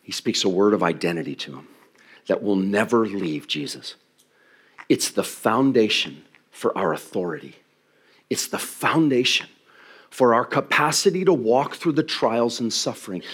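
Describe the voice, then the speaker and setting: A man in his fifties, a pastor preaching a sermon from a church stage, telling stories with lively acted-out voices. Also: on the low side, normal speed, slightly rough. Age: 50s. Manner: animated, acts out voices of people in the story.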